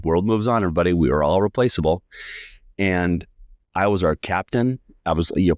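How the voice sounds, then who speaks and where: In a podcast interview, a U.S. man in his forties who works as a sales coach shares an energetic personal anecdote, voicing the people he quotes. He speaks in a low voice, captured in a dry, clean studio recording.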